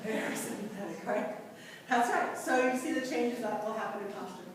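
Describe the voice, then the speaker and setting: A woman teaching a class and quizzing the students, lively, recorded from far off in a large lecture room. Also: mid-range voice, moderate pace, slight background noise. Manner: lively, asks the class questions. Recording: echoey hall from far off.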